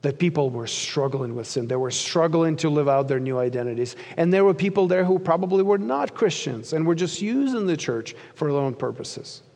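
A man preaching a sermon as pastor, earnest, rising for emphasis and sinking low at the ends of phrases. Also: expressive, a little fast, few pauses, a little mellow. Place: church sanctuary. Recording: long reverb of a large church hall.

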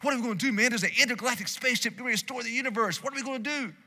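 A man doing a quick impression of a panicked young male movie agent, frantic and rushed, in a reverberant hall. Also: sharp tone, full character voice. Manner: frantic, high-pitched and rushed.

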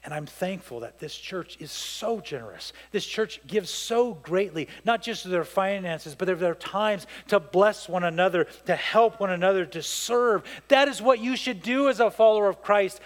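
A man's voice: high-pitched, big-room sound. A man preaching a sermon as pastor, telling a story and acting out the voices of the people in it with emphasis.

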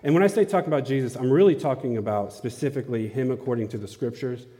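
A man's voice: medium pitch, fast, mellow. Man preaching in an echoing hall. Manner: casual, asks the audience questions. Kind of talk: conversational sermon. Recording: long hall reverb.

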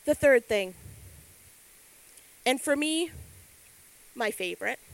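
A middle-aged woman giving a sermon, telling stories with lively acted-out quotes. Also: sits high, slow, creaky, dry recording, low-quality recording. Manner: animated storytelling with acted quotes. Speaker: speaker.

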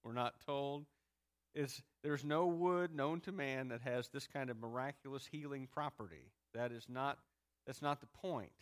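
A man's voice: medium pitch, unhurried. A man preaching a sermon in a conversational way, acting out the people he talks about. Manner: conversational preaching, acts out grumbling crowds. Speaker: pastor.

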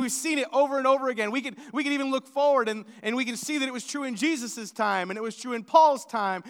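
Delivering a sermon in a hall with long reverb, this male pastor has an extremely high-pitched, fairly bright voice. His style is earnest and conversational, full of stammers and sentences he starts over.

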